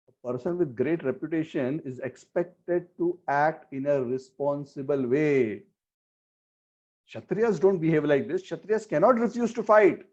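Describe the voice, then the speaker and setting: A man giving a sermon on scripture, slowly chanting verses and asking rhetorical questions. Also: on the high side, darkish tone. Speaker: spiritual teacher. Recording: dull lo-fi recording.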